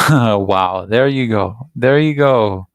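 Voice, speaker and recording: A man's voice: lowish voice, slow pace. A man hosting a reaction video, talking through a played clip in a rambling, repetitive, defensive way. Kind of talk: casual commentary on a played clip.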